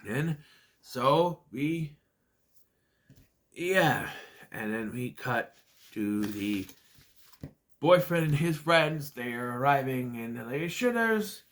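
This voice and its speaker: A man's voice: medium pitch, slow, long pauses, fairly bright tone. A man casually recapping a bad movie with sarcastic asides, jumping into exaggerated voices for the characters' lines. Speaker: movie reviewer.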